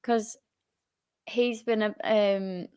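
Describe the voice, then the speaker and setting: A woman's voice: medium pitch, steady tone, extremely slow, a little mellow, clean tone, dry recording. A woman co-hosting a casual football chat show, laughing often and using plenty of fillers. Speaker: podcast co-host.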